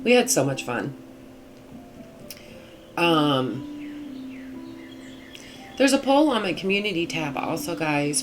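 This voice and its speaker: A woman with a low, gravelly voice rambles casually as she plays a game. Her voice sounds husky from just waking up, and she fills her pauses with ums and uhs. Steady background noise runs under the home recording. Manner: chatty, rambling with many fillers. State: morning voice. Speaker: gaming channel host. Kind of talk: casual gameplay commentary.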